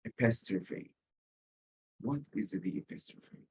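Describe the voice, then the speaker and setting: A male SAT teacher with an Arabic accent giving a recorded lesson, explaining slowly and repeating key words for emphasis. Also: lowish voice, darkish tone, slight background noise, rough recording. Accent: Arabic-speaking. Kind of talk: recorded lecture.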